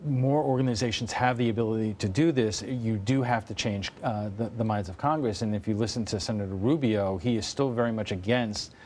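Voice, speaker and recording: A man's voice: fairly low pitch, brisk, hardly any pauses, a little mellow, slight background noise. A man hosting a local TV roundtable discussion and asking the guests long questions. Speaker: TV roundtable host. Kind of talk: broadcast panel discussion.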